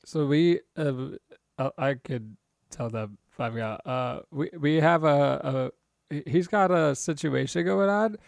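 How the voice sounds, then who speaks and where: A man's voice: fairly high pitch, measured pace, vocal fry, no echo, studio quality. A man playing a tabletop game, joking and rambling. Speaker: player. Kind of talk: tabletop role-play.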